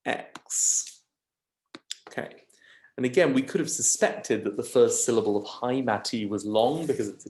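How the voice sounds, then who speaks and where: A man teaching a lesson, slowly and patiently talking through each syllable. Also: medium pitch, a little mellow. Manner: slow, patient, stresses syllables one by one. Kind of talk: lecture on scanning Greek verse.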